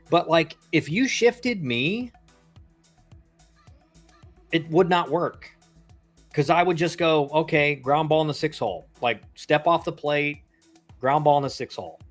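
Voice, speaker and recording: Male streamer in his thirties, ex-player, rambling casual game commentary, a touch high-pitched, faint music behind. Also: a bit bright. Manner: chatty and rambling, slangy with lots of "like" and "bro". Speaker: livestream baseball commentator, former pro player.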